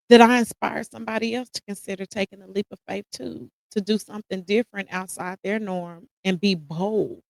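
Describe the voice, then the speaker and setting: American woman host, mid-pitched, tearful and candid personal monologue, dry close sound. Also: dry recording, poor audio. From United States. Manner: emotional, holding back tears; casual, addresses listeners as y'all. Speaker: podcast host.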